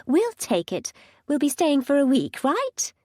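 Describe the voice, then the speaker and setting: A woman voicing a bubbly, excitable older mother in an audiobook, gushing in a high, bright voice. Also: measured pace, dry recording, studio quality, exaggerated voice. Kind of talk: audiobook character reading.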